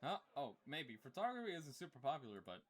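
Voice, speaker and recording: A man voicing a quiet young woman student in a visual novel, speaking softly and low-key. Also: very animated, fast. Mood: calm.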